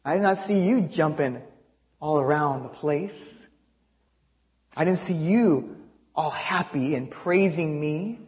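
A man voicing God in a sermon story, calm and gently rebuking with probing questions. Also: fairly high pitch, slow, long pauses, voice pushed down. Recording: dull lo-fi recording.

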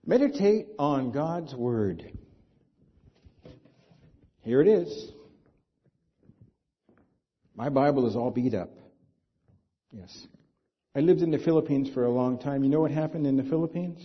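A man's voice: mid-range voice, expressive, unhurried, long pauses, breathy edge. A man preaching a sermon as pastor, talking conversationally and asking the congregation rhetorical questions. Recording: dull lo-fi sound.

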